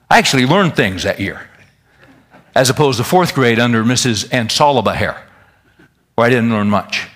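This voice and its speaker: A man preaching a sermon in a folksy, animated way, talking straight to his congregation. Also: mid-range voice. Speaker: pastor.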